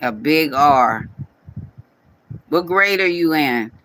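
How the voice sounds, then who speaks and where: Scolding man, bright close voice. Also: a little high, expressive, takes it slowly, low-quality recording. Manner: scolding, repetitive, speaks directly to viewer. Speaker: channel owner addressing a commenter. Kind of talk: casual scolding vlog rant.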